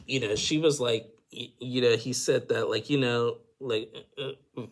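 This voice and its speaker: A man giving a casual, rambling recap of a reality show, full of filler phrases. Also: fairly low pitch. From United States. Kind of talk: casual commentary.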